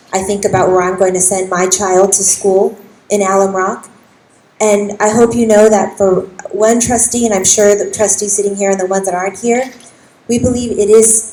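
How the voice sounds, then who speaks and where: A young woman trustee speaks with feeling to a public meeting. Her voice is mellow and soft-edged. It rings through an echoey hall over a faint hiss. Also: medium pitch. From East San Jose, California. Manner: emotional, impassioned. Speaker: county school board trustee.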